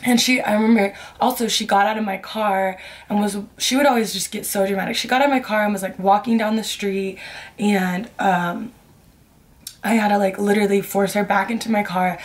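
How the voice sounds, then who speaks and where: A woman's voice: medium pitch, steady tone, brisk. A young adult woman vlogger telling a personal story in casual storytime style, candid and rambling, with many "like"s. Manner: candid, rambling, heavy use of "like".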